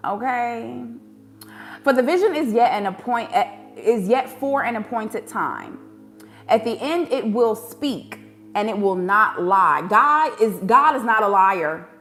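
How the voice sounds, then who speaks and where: A woman's voice: fairly high pitch, expressive, measured pace, fairly bright tone, soft background music. A woman giving a casual spiritual reading to viewers, chatty and emotional, calling them "y'all" and "baby" and breaking into preaching bursts. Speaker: tarot card reader.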